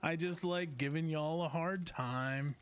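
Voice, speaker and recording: A man's voice: on the high side, unhurried. A man streaming a role-play game, chatting casually and teasing with frequent laughs. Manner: joking, teasing, laughs often.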